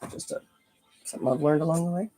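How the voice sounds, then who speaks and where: Painting in a home studio, a face and body painter chats casually on a live stream, rambling and drifting into soft asides. The voice is mid-range and fast, with soft music in the background.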